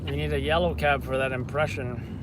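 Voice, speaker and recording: A man's voice: medium pitch, steady tone, a little fast, noisy background. Joking man livestreaming from a car. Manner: rambling and joking. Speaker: livestream host. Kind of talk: casual livestream chat. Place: in a car on city streets.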